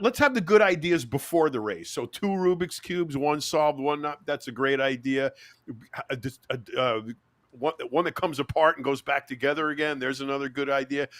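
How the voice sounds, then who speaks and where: A man's voice: a little high, expressive, moderate pace, a bit bright, no room sound. A man in a casual chat, eagerly laying out plans for next year. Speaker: podcast co-host.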